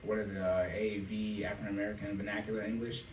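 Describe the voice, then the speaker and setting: A man hosting a casual podcast and working as a financial coach, telling animated stories and laughing often. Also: fairly low pitch, fast talker. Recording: echoey room, mic at a distance, faint noise.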